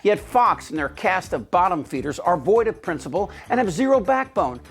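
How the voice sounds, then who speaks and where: A man's voice: high voice, lively intonation, moderate pace, slightly rough. A man hosting a political commentary show, delivering a scripted, biting, sarcastic monologue.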